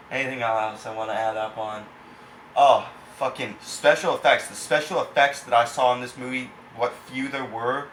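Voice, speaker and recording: A man's voice: medium pitch, fairly bright tone. A man ranting angrily in a film review, swearing constantly and insulting the filmmakers. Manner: angry, profane, insulting. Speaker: movie reviewer. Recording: echoey room, faint background hiss.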